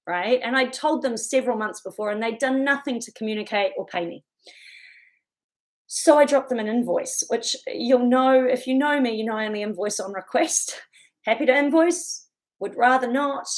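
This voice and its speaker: A woman giving a chatty motivational talk, laughing often as she goes. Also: on the high side. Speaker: self-help speaker.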